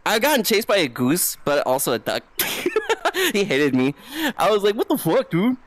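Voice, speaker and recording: Hyper streamer, lots of swearing, bouncy pitch, dead dry sound. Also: sing-song, moderate pace, fairly bright tone, no room sound, poor audio. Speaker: VTuber streamer. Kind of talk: casual live-stream chat. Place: home setup, playing VR. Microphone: VR headset setup.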